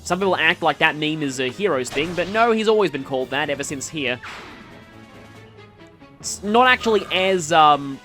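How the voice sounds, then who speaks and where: Faint music plays behind an Australian man doing rambling let's play commentary, who keeps wandering onto tangents and fixing himself mid-sentence. He speaks at normal speed in a fairly high, pushed, bright voice with lively intonation.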